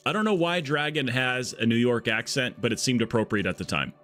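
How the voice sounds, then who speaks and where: A man's voice: medium pitch, animated, fairly quick, a bit bright, soft background music. A man streaming a game live, chatty and jokey, greeting and thanking his viewers. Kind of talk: live-stream chat while playing.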